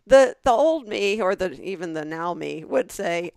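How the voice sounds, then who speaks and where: A middle-aged Southern woman, a podcast co-host, chatting and telling stories with lively quoted voices. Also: fairly low pitch, fairly quick, creaky, hardly any pauses, dry recording, clean studio sound. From American South. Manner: animated storytelling with quoted voices. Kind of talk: casual chat.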